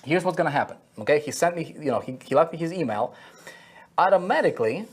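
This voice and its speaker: A man's voice: on the high side, lively intonation, quick pace, breathy edge. A man teaching an online marketing lesson at a whiteboard, repeating key phrases and checking in with "okay?" and "right?" after each point.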